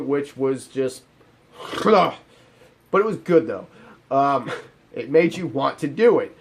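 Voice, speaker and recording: A man ranting through a sarcastic, profane video game review. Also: medium pitch.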